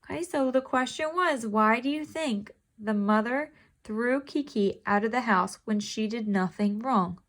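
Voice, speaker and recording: A woman's voice: on the high side, unhurried, a bit bright. A woman teacher reading a chapter book aloud to students, stopping to ask questions and explain vocabulary in an encouraging way.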